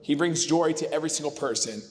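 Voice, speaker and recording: A best man in his thirties, his voice fairly high and darkish, talks quickly through an emotional wedding toast full of fillers and rambling. The reception hall adds a long reverb.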